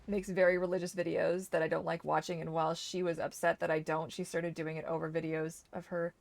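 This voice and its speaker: A young woman streamer giving casual gameplay commentary, chatty, swearing freely and exclaiming loudly at the game. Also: low-pitched, flat delivery, a little fast, creaky, dry recording. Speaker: gaming streamer.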